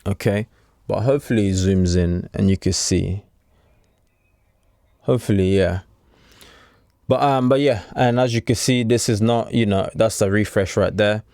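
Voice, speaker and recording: A man's voice: fairly low pitch, moderate pace, gravelly, long pauses, a little mellow, no echo, clean studio sound. A man talking casually to camera as a trading coach, chatty and repetitive, with streetwise slang. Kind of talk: casual unscripted talk to camera.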